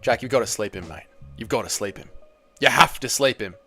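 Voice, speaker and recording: A young man hosting a live watch party, reacting loudly to a fight, swearing and shouting at the screen. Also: medium pitch, a little fast, gravelly, no room sound, soft background music. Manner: excitable, swears a lot, yells at the screen.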